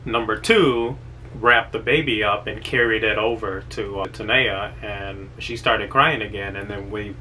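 Animated young man with a bright voice. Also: fairly low pitch, measured pace, slight background noise, poor audio. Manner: animated, slangy, repeats words. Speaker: new father, vlog co-host. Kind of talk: casual storytelling chat.

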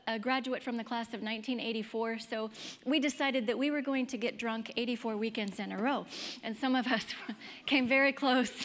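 Woman in her 50s, higher voice, speaking in a big hall with long reverb, candid and chatty. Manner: candid, conversational storytelling. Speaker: pro-life speaker. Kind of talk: personal testimony speech.

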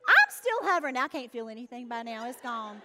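A woman with a Southern US accent, hosting and telling a funny story to a live audience in an animated, folksy way. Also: on the high side, fairly quick, slight background noise. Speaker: host and speaker.

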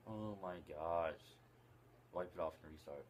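A man's voice: sits low, measured pace, slight background noise. A young man at home chatting casually with his girlfriend, whiny and joking. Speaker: boyfriend. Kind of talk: casual chat.

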